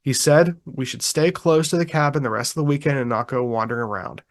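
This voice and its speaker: A man co-hosting a podcast in casual chat, reading a witness account aloud in a relaxed, chuckling way with frequent ums and restarts. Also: mid-range voice, fairly quick. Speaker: podcast co-host.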